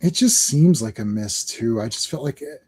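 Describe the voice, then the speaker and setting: Hosting a relaxed podcast chat, a Canadian man tells lively stories, laughing a lot and doubling up on words. His mid-range voice has a slightly rough edge and moves at normal speed.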